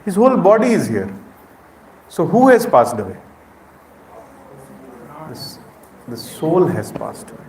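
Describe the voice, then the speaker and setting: A man's voice: fairly high pitch, huge pitch swings, a little slow, pauses often, darkish tone. A middle-aged man with an Indian accent giving an interactive spiritual lecture, questioning the audience directly. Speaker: spiritual speaker. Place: temple hall with audience. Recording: echoey hall.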